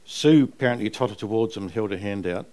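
A man's voice: on the low side, fast talker. Older NZ man, memoir author, rambling live storyteller who laughs through his tales. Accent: New Zealand. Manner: animated, rambling anecdotes, laughing while he tells them. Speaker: author interviewed about a family memoir. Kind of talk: live on-stage conversation, storytelling.

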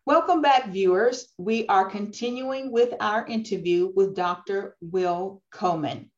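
A woman hosting a talk show, asking slow, deliberate interview questions. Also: medium pitch, darkish tone, highs cut off.

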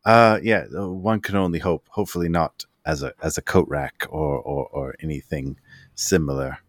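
A man voicing a calm, composed woman leader who speaks politely and evenly. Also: rumbling low, normal speed, dry recording, studio quality. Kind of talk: voicing a character in a tabletop game.

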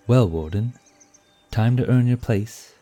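A man voicing a calm, wry male companion in a storybook reading. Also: fairly low pitch, takes it slowly, pitched above the performer's own voice. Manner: calm, dry.

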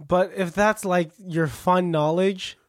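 A woman in casual podcast chat, teasing and quick to laugh. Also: fairly low pitch, steady tone, no room sound, clean studio sound.

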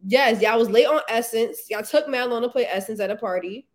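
A woman's voice: fairly high pitch, brisk. A woman in casual chat, blunt and profane, ranting and laughing.

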